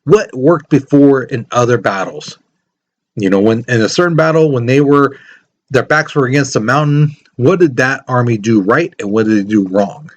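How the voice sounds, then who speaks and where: A man's voice: mid-range voice, normal speed, muffled recording. Chatty male history teacher. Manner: conversational, many fillers like "you know" and "things like that". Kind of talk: casual classroom lecture.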